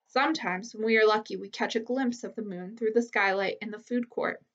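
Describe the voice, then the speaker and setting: A woman reading a children's novel aloud as a teacher, with steady, clear storytelling. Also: mid-range voice, brisk, far from the mic. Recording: slightly muffled lo-fi recording.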